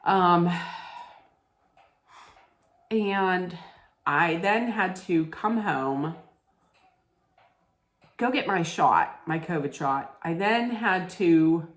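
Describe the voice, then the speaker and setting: A middle-aged woman chats casually, unhurried and full of fillers and restarts. Her voice sits a little low. The sound rings back from the room she's in. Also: animated. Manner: rambling, many fillers and restarts. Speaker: vlogger. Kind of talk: casual storytelling chat. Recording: echoey room.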